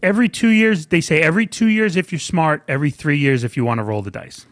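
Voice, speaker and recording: A man with a slightly raised voice tells an animated story in a relaxed chat and acts out what the people in it said. He laughs often, and the sound is dry and close to the mic. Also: on the high side, fast talker, no room sound. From New York. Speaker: podcast co-host.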